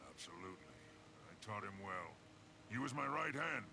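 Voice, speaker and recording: An actor voicing a stern, proud male charr warrior father in game cutscene dialogue, with a grim, measured delivery. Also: fairly low pitch, sing-song, noisy background.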